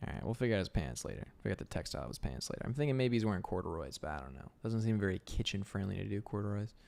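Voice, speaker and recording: A man's voice: lowish voice, sing-song, racing, vocal fry, a little mellow. Rambling, self-amused male streamer. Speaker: illustrator livestreaming sketches. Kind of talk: casual live-stream chatter while drawing.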